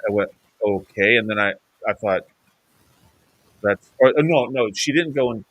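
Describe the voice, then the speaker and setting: A man's voice: medium pitch, lively intonation, moderate pace, fairly bright tone, dry recording, muffled recording. A man hosting a podcast, telling a story in a rambling, self-correcting way. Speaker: podcast host. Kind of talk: casual storytelling chat.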